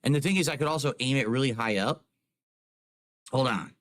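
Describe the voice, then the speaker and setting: A man's voice: medium pitch, a little fast. A man streaming from home, chatting casually to his live chat and explaining things with lots of "like" and "you know", close on a desk microphone. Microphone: close desk microphone on a boom arm.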